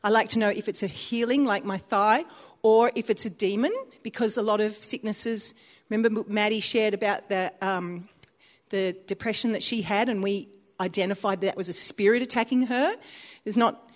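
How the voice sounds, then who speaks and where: In a church, a woman preacher delivers a sermon at a normal speed. She tells her stories with animation, her pitch swinging widely, and she laughs often.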